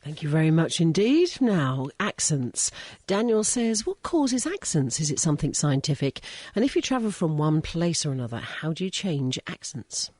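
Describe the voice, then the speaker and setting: A woman co-hosting a radio science show, reading out listener questions in a lively, playful way. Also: low-pitched, normal speed, dry recording.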